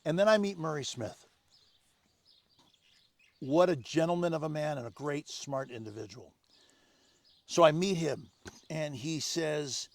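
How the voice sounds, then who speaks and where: An older man, the guest, telling animated anecdotes in casual conversation, acting out other people's lines. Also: fairly high pitch, moderate pace, vocal fry, pauses often. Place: home on Maui.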